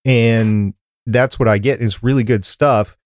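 A man's voice: medium pitch, steady tone, a little slow, dry recording. A man from Minnesota hosting a fan podcast, chatty and rambling in casual talk. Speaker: podcast host.

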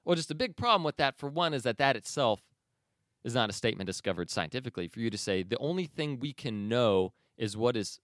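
A podcast host offers casual commentary and reads aloud, speaking in a conversational, emphatic way and correcting himself as he goes. His medium-pitched voice is animated, fairly quick, and a bit bright, captured in clean studio sound with no echo.

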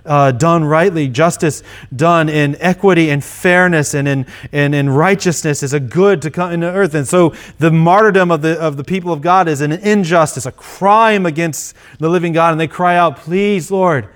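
A man's voice: on the high side, normal speed, hardly any pauses. A male pastor preaching an earnest sermon, often repeating and restarting his phrases.

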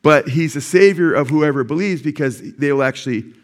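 A man's voice: a little high, a little fast. Man of sixty preaching with call-and-response. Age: 60s. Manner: asks the congregation questions and waits for the answer; repeats key phrases for emphasis. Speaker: pastor. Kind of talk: sermon. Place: church service.

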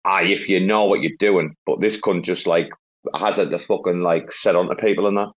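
A man's voice: deep voice, steady tone, normal speed. A man hosting a casual online chat, rambling and swearing through banter. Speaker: host. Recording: dull lo-fi online audio.

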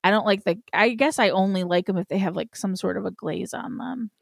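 A woman's voice: mid-range voice, fairly quick, creaky, no room sound, studio quality. A woman co-hosting a podcast in casual chat, blunt, crude and self-mocking.

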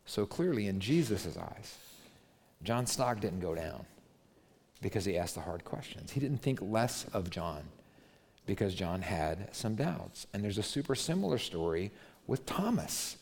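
A man with a lowish voice preaches in a loose, conversational way, swinging his pitch up and down as he tells the story. He drops to a soft, quiet voice for quoted words. A long reverb trails his voice around the hall. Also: sing-song, unhurried, gravelly, slight background noise. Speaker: pastor. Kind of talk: sermon.

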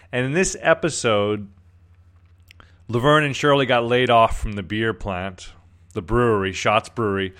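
A man's voice: fairly low pitch, a bit bright, smooth. A man casually talking about an old sitcom, rambling with many restarts. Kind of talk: casual commentary.

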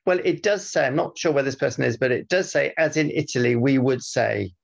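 Gravelly man rambling on a podcast. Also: medium pitch, fairly quick, lo-fi sound. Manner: rambling, with many fillers and restarts. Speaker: podcast co-host. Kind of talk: casual chat, reading listener feedback.

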